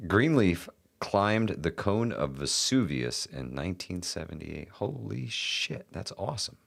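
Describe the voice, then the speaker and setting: A man co-hosting a podcast, reading out chat comments and reacting with quick exclamations. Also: deep voice, very animated, creaky. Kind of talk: casual chat.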